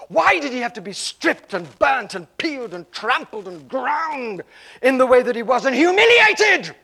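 A man voicing an anguished woman raging at God, howling and keening as he shouts her lines. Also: mid-range voice, brisk, lightly acted.

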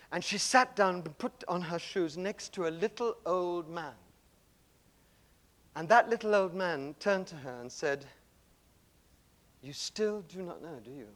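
A man giving a spiritual talk, telling a story dramatically and swinging between loud passages and hushed ones. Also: sits high. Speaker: speaker.

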